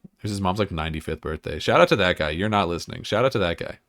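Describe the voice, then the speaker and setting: A man's voice: low voice, lively intonation, very fast, fairly bright tone. A young man co-hosting a podcast, reviewing episodes in casual, rambling, joking chat. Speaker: podcast co-host.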